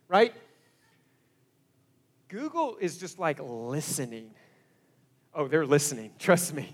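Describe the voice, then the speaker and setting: High-voiced, animated male preacher. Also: slow, pauses often. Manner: animated storytelling, swinging from hushed to loud exclamations. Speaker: pastor. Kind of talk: sermon.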